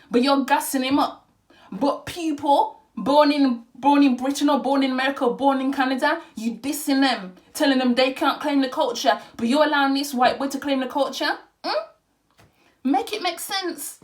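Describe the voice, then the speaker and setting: A young woman with a high voice delivers a heated opinion vlog. She hammers her points home by repeating phrases and drops Caribbean and street slang words into her speech as she talks straight to camera. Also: a bit bright. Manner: impassioned, repeats phrases for emphasis. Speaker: vlogger.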